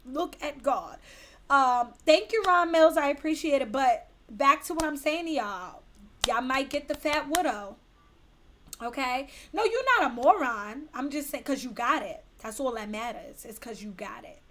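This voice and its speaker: A woman's voice: high voice, animated, normal speed, a bit bright. A woman hosting a casual livestream, reading viewer comments aloud in a brash, profane and teasing way. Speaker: livestream host.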